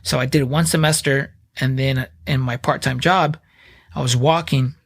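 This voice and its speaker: A man in his thirties, a podcast guest, telling his story in blunt, profane, animated casual speech. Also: medium pitch, moderate pace.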